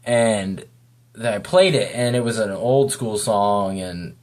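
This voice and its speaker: A man's voice: on the low side, expressive, slow pace. A man giving a casual, rambling spoken review of a video, talking off the cuff.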